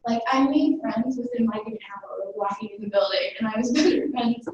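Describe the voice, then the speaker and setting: A teenage girl talks on a panel in a chatty, rambling way, peppering her story with "like" and quick little asides. Her voice sits a bit high and comes from some distance, in a very echoey room with a faint hiss behind. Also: lively intonation, darkish tone, lo-fi sound. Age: teens. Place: large room at an event.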